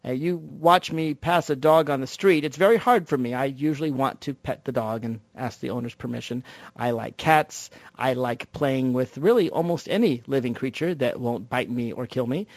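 A man hosting a talk show, delivering an animated monologue full of rhetorical questions. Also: mid-range voice, moderate pace, no room sound. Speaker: radio talk show host.

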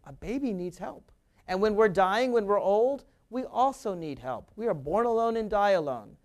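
A man's voice: high-pitched, animated, normal speed. A man hosting a political talk radio show, delivering an emphatic, argumentative monologue that mocks his opponents.

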